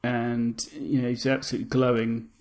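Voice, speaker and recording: A man co-hosting a fan podcast, talking in a relaxed, conversational way. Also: medium pitch, moderate pace. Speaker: podcast co-host. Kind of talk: casual chat.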